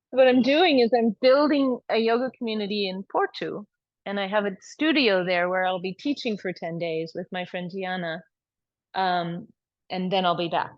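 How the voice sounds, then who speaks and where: A woman yoga teacher gently guiding a class and chatting with students on a video call. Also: mid-range voice, no room sound. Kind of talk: yoga class instruction and chat. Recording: dull video call audio.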